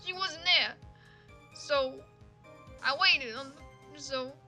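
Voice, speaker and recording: A woman's voice: sits high, slow, sharp tone, soft background music, full character voice. A woman voicing a distraught ex-convict man in a fan game dub, with a shaky put-on New York Italian accent, crying out in anguish. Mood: mournful.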